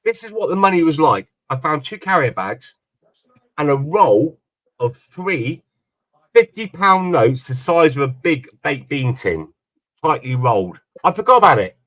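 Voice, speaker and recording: A man's voice: on the high side, sing-song, unhurried, a bit bright, dry recording, low-quality recording. A man telling a long story in casual chat on a panel, rambling and repeating his words. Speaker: panel guest.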